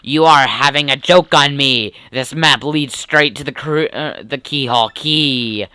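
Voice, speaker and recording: A man's voice: medium pitch, unhurried, pushed and bright, clear, resonant tone, no room sound. A man voicing a vain, greedy merchant sailor in a grandiose, theatrical accent while reading a game's dialogue aloud. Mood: pompous. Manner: grandiose, theatrical "pirate" voice he says strains his throat. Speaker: let's play gamer reading dialogue aloud.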